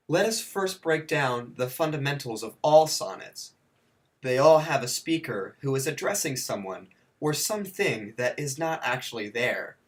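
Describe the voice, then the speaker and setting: A man reads a scripted video lesson at an unhurried, deliberate pace, with his voice at an ordinary middle pitch. He spells points out one at a time and drops in dry jokes and mock corrections of his own. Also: lively intonation. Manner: dry joking asides, mock self-corrections; counts and spells out points slowly. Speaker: teacher.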